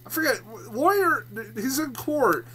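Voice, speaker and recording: A man's voice: very high-pitched, very animated, a little slow, fairly bright tone, slight background noise. A man giving a casual, exasperated film review, swearing often and laughing in disbelief as he rants.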